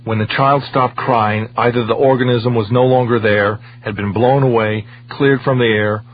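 A man's voice: medium pitch, steady tone, normal speed, lightly acted. A man voicing an urgent male scientist who presses his argument emphatically, on a dull lo-fi recording with a faint hum.

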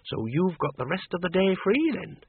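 A man voicing a blunt older countrywoman farmer who talks briskly and scornfully. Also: on the low side, sing-song, breathy edge, dry recording, voice pushed up, full character voice. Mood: nosy. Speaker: narrator voicing a character. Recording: tinny radio broadcast.

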